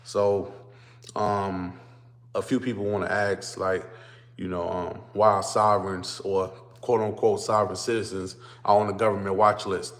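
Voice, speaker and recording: Low-voiced man ranting on a phone stream. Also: flat delivery, a little slow. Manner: repetitive greetings, then ranting explanation. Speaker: vlogger. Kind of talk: casual livestream talk to viewers. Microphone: phone on a stand.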